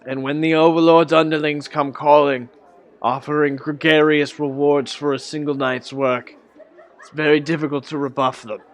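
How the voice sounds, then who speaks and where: A man's voice: fairly high pitch, level tone, moderate pace, lightly acted. A man voicing a nervous, frightened old man who stammers and pleads. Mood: wary.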